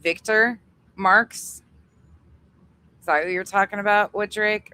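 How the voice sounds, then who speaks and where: A woman's voice: mid-range voice, fairly even intonation, pushed and bright, clear, resonant tone. A woman hosting a livestream, chatting casually, swearing freely and laughing easily as she thanks her members. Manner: chatty, profane, quick to laugh. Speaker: livestream host.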